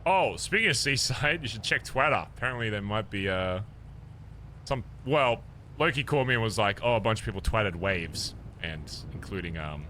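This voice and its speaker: A man's voice: lowish voice, expressive, moderate pace, pushed and bright, slight background noise. A man streaming a role-play game, chatting casually in character, laughing often and swearing freely.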